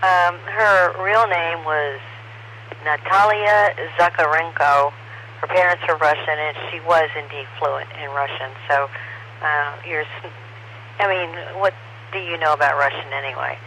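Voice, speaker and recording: A woman's voice: deep voice, steady tone, unhurried, bright, forceful tone, rough recording. A woman on an amateur radio net, talking casually and giving blunt, mildly sarcastic opinions. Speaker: ham radio net participant. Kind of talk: casual on-air chat over radio. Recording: radio audio with faint hiss.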